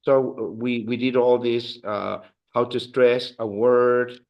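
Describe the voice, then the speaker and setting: A man leading a beginner language class in a classroom. He talks slowly, pausing often with "uh" and restarting his sentences as he explains grammar. His voice sits at an ordinary mid pitch, and he leads the group through drills by counting them in. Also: steady tone, dull audio. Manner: halting, many fillers and restarts, drills with counts. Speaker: Spanish teacher.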